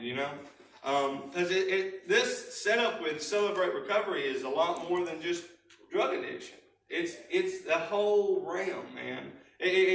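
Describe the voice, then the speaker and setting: High-voiced man telling a story in an echoey church. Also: recorded from a distance. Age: adult, married. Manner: animated storyteller, laughing often, plain folksy talk. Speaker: recovery group leader. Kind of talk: church recovery lesson with personal story. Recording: echoey church hall, speaker away from mic.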